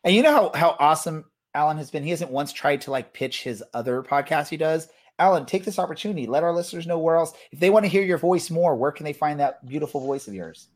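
A man's voice: fairly high pitch, expressive, quick pace, few pauses. Rambling male podcast host. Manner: loose, rambling, filler-heavy delivery. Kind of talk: casual podcast chat.

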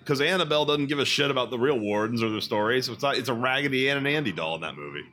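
A man co-hosting a podcast in casual chat, running a quiz and sometimes rattling off words fast. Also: medium pitch. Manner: lively, quizzing, sometimes rapid. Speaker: podcast co-host.

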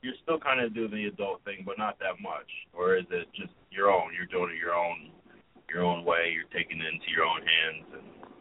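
A man's voice: deep voice, fairly even intonation, normal speed. A man calling in as a guest on a radio show, laid-back and teasing in easy conversation. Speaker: guest musician. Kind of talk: casual call-in interview. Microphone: phone line. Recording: tinny phone line with faint noise.

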